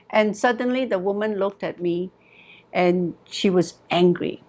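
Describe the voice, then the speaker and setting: A woman therapist recounting a story about a client in an earnest, measured way. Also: medium pitch, darkish tone.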